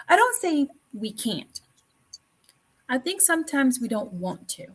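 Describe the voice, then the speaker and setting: Slow, husky-voiced woman talk show host. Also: on the high side, sing-song, low-quality recording. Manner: earnest, repeats phrases, frequent fillers and laughs. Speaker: podcast host. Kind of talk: conversational talk show chat.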